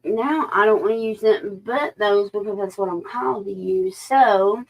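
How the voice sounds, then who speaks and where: Heard through lo-fi sound, this psychic reader has a creaky, mid-range voice and talks at normal speed. She chats in a folksy, informal way during a live-stream tarot reading, dropping now and then into a whisper.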